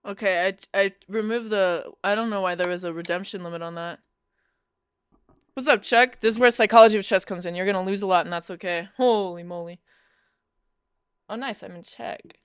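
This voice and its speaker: A woman's voice: medium pitch, clean tone, no echo, studio quality. Giggly young woman streamer. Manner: giggly, chatty, quick bursts. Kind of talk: casual live-stream chat.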